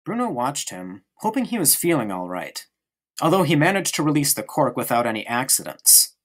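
A male audiobook narrator reads a novel with a lively, rising and falling voice at an ordinary pitch. He slows on important phrases, giving the story steady, expressive weight. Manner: expressive, varied reading with slowed emphasis. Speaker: audiobook reader.

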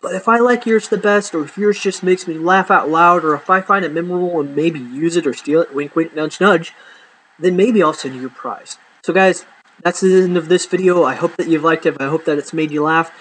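A young man chats to his viewers in a casual, jokey vlog, poking fun at himself as he goes. His voice sits a little higher than most men's. A faint hiss runs under the recording. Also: fairly quick, fairly bright tone, low-quality recording. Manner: chatty, jokey, self-deprecating delivery. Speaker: vlogger. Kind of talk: casual joking monologue to camera.

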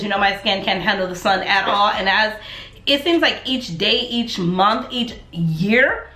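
A woman vlogger chatting casually to her viewers as she gets ready to go out, rambling through animated asides. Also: medium pitch, echoey room, a little hiss or hum. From United States. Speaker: lifestyle vlogger. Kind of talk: casual chat to camera.

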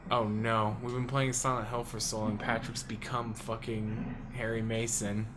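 A young man hosting a let's play, giving casual commentary on the game, excitable and quick to swear. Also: fairly low pitch, music in the background. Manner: excitable, swears a lot, sudden loud outbursts.

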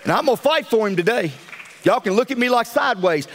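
A man preaching a fiery sermon as pastor, swinging between loud calls and hushed asides. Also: very high voice, expressive, fast talker.

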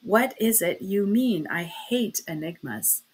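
A woman voicing a stern, sharp-tempered young man who speaks curtly. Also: mid-range voice, expressive, slow, a little hiss or hum. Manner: curt, sharp.

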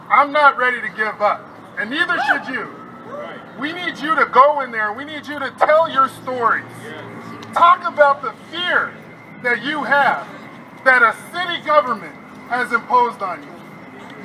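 A man's voice: very high-pitched, lively intonation, measured pace, bright, forceful tone, a faint crowd, a little hiss or hum, poor audio. A man, a state legislator, giving a fiery, rousing rally speech outdoors while frustrated.

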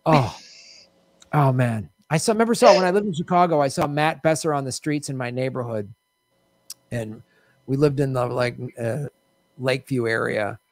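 A man's voice: mid-range voice, normal speed, dry recording. Laughing man telling a comic story. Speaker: game show host. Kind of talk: casual comedy podcast chat.

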